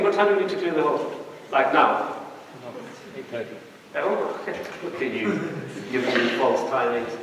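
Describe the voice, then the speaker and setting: A man, an imam, giving a lively public talk and speaking straight to his live audience. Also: sits high, a little hiss or hum. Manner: animated, addresses the audience directly. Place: large hall. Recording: echoey hall, mic from far off.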